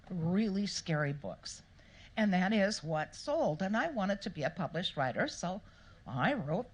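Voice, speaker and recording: A woman author answering questions at a live event, telling stories in a playful, animated way and acting out the people she quotes. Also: mid-range voice, breathy edge. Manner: animated, playful storyteller who acts out quotes. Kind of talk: storytelling interview answers. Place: live Q&A event before an audience.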